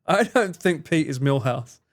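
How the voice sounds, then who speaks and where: On a live stream, a man with a fairly high voice talks slowly and with lively intonation. He rambles casually, reading out viewers' messages and answering them, swearing every so often.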